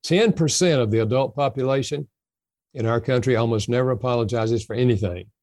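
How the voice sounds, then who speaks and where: An older man, a guest author in an interview, giving gentle, folksy advice. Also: medium pitch, brisk, no room sound, clean studio sound. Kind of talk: interview conversation.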